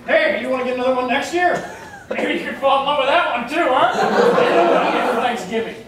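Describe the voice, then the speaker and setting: Improv: man as a rambling farmer dad, high voice, distant and echoey with loud noise behind. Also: quick pace. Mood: folksy. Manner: hesitant, rambling, folksy. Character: bumbling farmer dad, folksy and gruff. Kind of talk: live improv comedy. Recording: echoey room, far mic, loud noise.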